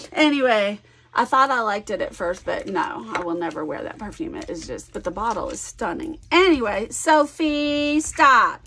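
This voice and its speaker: A woman's voice: medium pitch, gravelly, fairly bright tone, a little hiss or hum. A middle-aged woman chatting casually while scrapbooking, rambling through a story and acting out both sides of a conversation. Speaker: scrapbooking vlogger. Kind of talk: casual chatty crafting vlog.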